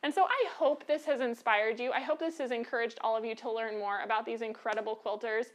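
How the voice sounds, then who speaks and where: Chatty high-voiced American woman teaching quilting. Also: fairly even intonation, quick pace. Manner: chatty and encouraging, warm sign-off, with filler ums. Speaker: quilting show host. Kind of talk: live online quilting lesson.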